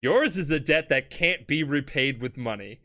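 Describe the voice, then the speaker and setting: A man voicing a stoic, gruff teenage male brawler in a low, clipped, deadpan tone. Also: normal speed. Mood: cold.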